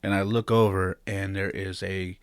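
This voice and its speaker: Male podcast host, 30s, deep voice, candid and reflective storytelling, dry close sound. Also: level tone, normal speed, smooth, no echo. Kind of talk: personal storytelling.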